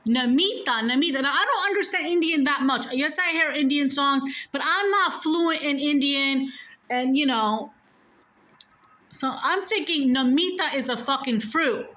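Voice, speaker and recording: A woman with a fairly high, bright voice tells a personal story at an unhurried pace. She rambles, corrects herself often and swears freely, like chatting with a friend. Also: poor audio.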